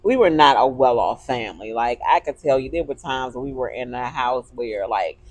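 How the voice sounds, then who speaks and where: Lively expressive woman telling a story. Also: very deep voice, normal speed. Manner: animated storytelling, turns emotional. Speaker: podcast co-host. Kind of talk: casual chat.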